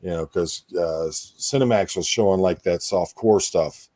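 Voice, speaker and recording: Host, male, very low voice, dry close sound, loose rambling chat. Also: unhurried, mellow, no room sound. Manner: rambling, with many fillers and restarts. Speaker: podcast host. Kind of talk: casual chat.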